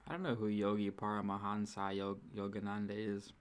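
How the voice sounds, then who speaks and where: A man hosting a casual livestream, thinking aloud in an unhurried, musing way. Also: fairly low pitch, monotone, smooth. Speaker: channel host.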